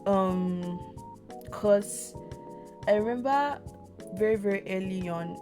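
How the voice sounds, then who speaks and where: A woman's voice: mid-range voice, slow pace, music in the background. A young woman with a Nigerian accent co-hosting a casual podcast chat, reflective and prone to repeating words for emphasis. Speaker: podcast co-host.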